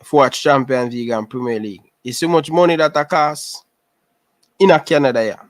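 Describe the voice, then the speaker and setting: A livestream host living in Canada, with a Jamaican accent, talks briskly in a medium-pitched voice. He chats casually, repeating himself and naming viewers, and the recording is dry.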